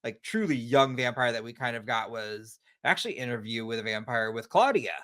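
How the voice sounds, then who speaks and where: A man's voice: medium pitch, animated, a little fast, bright, forceful tone. A man co-hosting a horror podcast, chatting casually and gushing with slangy asides. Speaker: podcast co-host. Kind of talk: casual chat.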